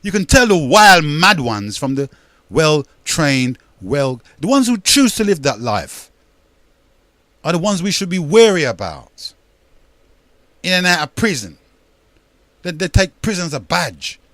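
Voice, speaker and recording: A man's voice: on the high side, big pitch swings, a little slow, long pauses, fairly bright tone, no echo. Older man rambling emphatically. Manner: rambling, emphatic, repeats words, calls listeners brethren. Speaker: radio talk show host. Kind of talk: casual radio monologue.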